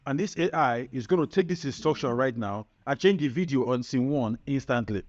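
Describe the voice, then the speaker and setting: A man presenting a screen-recorded software tutorial, upbeat and chatty, often checking in with the viewer. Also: medium pitch, animated, brisk. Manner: upbeat, chatty, keeps asking "right?". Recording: muffled lo-fi sound.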